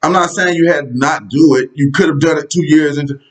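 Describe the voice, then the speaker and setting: A man's voice: fairly high pitch, fairly quick, low-quality recording. A man giving a casual political rant straight to his viewers, blunt, profane and sarcastic in tone. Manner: conversational, addresses viewers directly. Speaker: political commentary vlogger.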